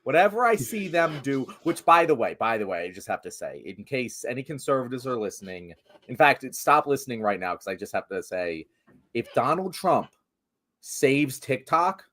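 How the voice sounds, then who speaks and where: A man in casual political chat with a co-host, animated and sarcastic, swearing often. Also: mid-range voice, moderate pace. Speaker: political commentator.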